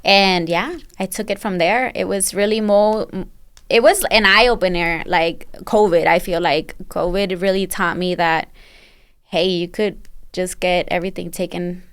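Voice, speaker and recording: A woman who owns a barbershop, a podcast guest, telling her story in a relaxed, rambling way full of fillers. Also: on the low side, measured pace, smooth. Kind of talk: casual chat.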